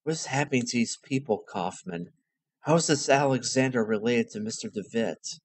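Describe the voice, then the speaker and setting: A man's voice: mid-range voice, moderate pace, slightly rough, dry recording, natural voice. A man reading the lines of a shaken male investigator in a plain, urgent voice.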